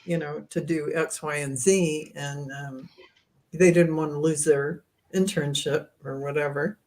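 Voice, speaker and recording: Low, unhurried woman co-host. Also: fairly even intonation, a little mellow. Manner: chimes in with commentary on the news. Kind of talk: casual chat.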